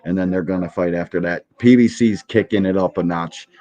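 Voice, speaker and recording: This boxing podcast host has a deep voice and speaks a little fast, reacting to a clip on a live stream with free-flowing profanity and mockery. He's animated throughout, though the recording sounds muffled.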